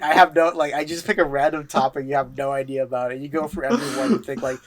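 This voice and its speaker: A man's voice: fairly high pitch, lively intonation, fast, a crowd in the background. A man hosting a podcast in casual chat, rambling, laughing and swearing often. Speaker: podcast host.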